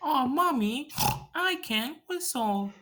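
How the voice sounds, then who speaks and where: A man voicing a whiny little girl pig from a cartoon, squeaky and drawn-out. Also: animated, bright, forceful tone, exaggerated voice.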